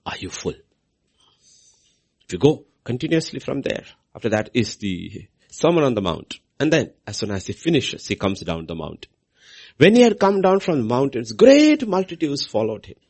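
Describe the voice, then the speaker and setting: A man preaching a sermon, repeating key phrases and swinging his voice from soft lows to loud highs for emphasis. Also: wildly swooping pitch, normal speed, slightly rough.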